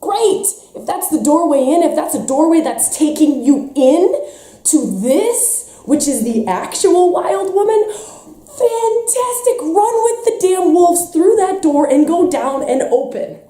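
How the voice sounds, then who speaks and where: A woman's voice: very high-pitched, sing-song, a little slow, dark tone, reverberant. Intense, impassioned woman with a stuffy nose. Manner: intense and emphatic, with mocking put-on quotes. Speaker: spiritual workshop teacher. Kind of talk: impassioned teaching talk.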